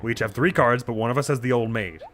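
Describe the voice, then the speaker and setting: A man voicing a brash male koala camper, loud and pushy, in a game. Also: mid-range voice, quick pace, natural voice.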